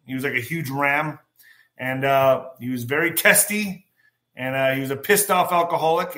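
A man talks his listeners through a long, wandering anecdote in a casual host's monologue. His voice sits a little high and comes across bright and forceful, and he clears his throat again and again as he goes. The delivery is loose and conversational, one story leading into the next.

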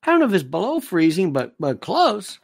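A woman's voice: fairly low pitch, wildly swooping pitch, brisk, creaky, no echo. A woman giving a political commentary monologue, indignant and sarcastic, who hammers points by repeating phrases. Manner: sarcastic and scornful.

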